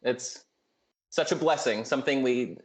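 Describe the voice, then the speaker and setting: A man's voice: medium pitch, a little slow. A man with an upbeat manner who laughs often, chatting casually as a player on a live stream.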